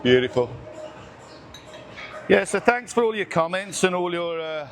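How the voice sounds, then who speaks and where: A man's voice: high-pitched, big pitch swings, unhurried, heavy background noise. A man chatting casually while training in a busy gym, counting reps and getting out of breath between sets. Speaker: gym vlogger. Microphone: camera on tripod nearby.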